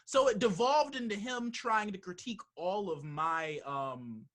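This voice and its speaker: A young man hosting a casual podcast chat, telling stories in a lively, profane way. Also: high voice, a little slow. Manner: animated, profane storytelling. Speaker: podcast host. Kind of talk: casual conversation.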